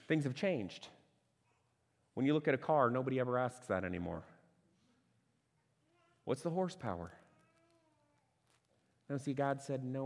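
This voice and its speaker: A man preaching a sermon as pastor, conversational and animated, asking rhetorical questions and restarting phrases. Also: medium pitch, long reverb tail. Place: church sanctuary.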